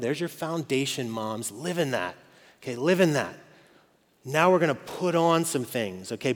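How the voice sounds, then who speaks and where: A man's voice: a little high, a bit bright. A man in his forties preaching a casual, joking sermon to mothers, checking in with the crowd often. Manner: conversational and joking, with frequent "okay?" and "right?". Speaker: pastor. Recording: long hall reverb.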